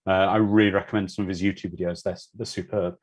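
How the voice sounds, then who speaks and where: A man's voice: sits low, little pitch movement, fast. A man hosting a live watch-party commentary, chatting casually and answering viewer comments.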